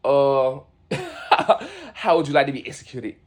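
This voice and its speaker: A man's voice: mid-range voice, wildly swooping pitch, measured pace. A young man hosting a reaction video, bantering casually in loose slang and laughing often, recorded outdoors on a windy day.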